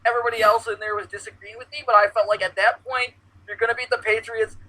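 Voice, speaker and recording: A man co-hosting a casual sports podcast, excitable and swearing as he relives big plays. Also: high voice, fast talker, poor audio. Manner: excitable, swears, reenacts moments loudly. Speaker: podcast co-host.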